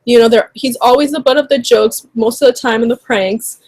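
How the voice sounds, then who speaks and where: Woman YouTuber, higher register, dry close sound; indignant, rambling casual commentary full of fillers. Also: fairly even intonation, a little fast, darkish tone, no echo. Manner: indignant, rambling, heavy on "like" and "you know".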